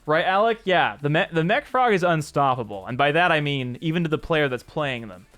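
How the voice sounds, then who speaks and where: Guy streaming his indie game, chatty and upbeat, kinda high voice, quiet music in the back. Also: expressive, brisk, clean tone. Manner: upbeat, chatty, thanks viewers by name. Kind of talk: casual live-stream commentary.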